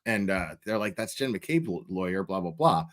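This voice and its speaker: A man's voice: sits low, big pitch swings, normal speed. A man telling a story in casual chat, swearing constantly, laughing often and restarting his sentences. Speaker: commentary streamer.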